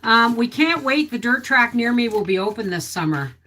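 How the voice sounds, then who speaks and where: A woman's voice: fairly high pitch, sing-song, normal speed, sharp tone. A middle-aged woman hosting a casual homestead livestream from home, chatting and reading viewer comments aloud. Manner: chatty, reads viewer comments aloud, baby talk to her dog. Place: home indoors. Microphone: desktop mic.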